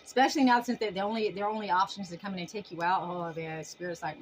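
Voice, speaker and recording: A woman's voice: mid-range voice, lively intonation, racing, a little hiss or hum, rough recording. A woman giving a casual tarot reading to camera, emphatic and folksy, full of sassy endearments. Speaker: tarot reader.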